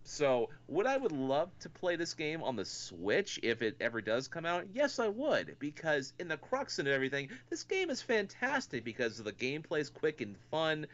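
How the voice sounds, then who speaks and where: A man's voice: fairly high pitch, wildly swooping pitch, moderate pace, hardly any pauses, a bit bright, dull audio. A man co-hosting a casual podcast, rambling and swearing with lots of fillers. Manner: rambling, profane, many fillers. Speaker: podcast co-host.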